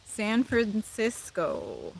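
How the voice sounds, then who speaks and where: A woman's voice: on the high side, extremely slow, a little mellow, a little hiss or hum. A woman from the Midwest with a Midwestern accent, chatting casually on a livestream, answering viewer comments and laughing often. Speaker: livestream host. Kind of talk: casual live chat with viewers.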